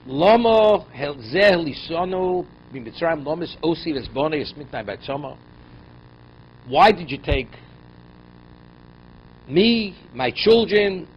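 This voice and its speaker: A man teaching a Torah class as a rabbi, who reads verses and explains them in English with pointed rhetorical questions. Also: a little high. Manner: voice rises and drops sharply for emphasis. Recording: dull lo-fi recording, faint noise.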